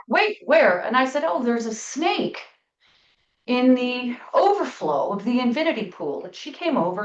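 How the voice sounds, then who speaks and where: A woman's voice: on the high side, distant mic. Middle-aged woman telling a story in an echoey room. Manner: storytelling, emphatic, with slow drawn-out stresses. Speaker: spiritual podcast host. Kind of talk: casual spiritual talk. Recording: echoey room, off-mic, dull sound.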